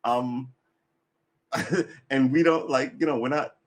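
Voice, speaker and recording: Guy rambling on his livestream, says it straight, swears a lot, laughs a bunch, ordinary mid pitch. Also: steady tone, slow pace. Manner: blunt, opinionated, swears freely, laughs often. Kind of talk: casual rambling chat.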